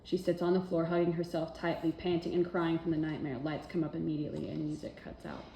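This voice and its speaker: A woman, the playwright, reading stage directions aloud at a script read-through in a brisk, matter-of-fact way. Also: sits low, little pitch movement, mellow. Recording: roomy echo, faint noise.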